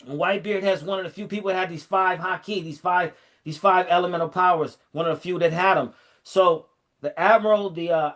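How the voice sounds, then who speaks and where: A middle-aged man in casual chat, animatedly retelling a story and acting out the lines in a lower voice. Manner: animated storyteller, fillers and restarts, acts out quotes in a lower voice.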